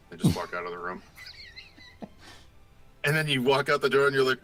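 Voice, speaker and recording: A young man chatting casually, telling a story in a rambling, animated way and acting out both sides of the dialogue. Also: lowish voice, fast talker, faint music behind, low-quality recording. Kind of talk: casual chat.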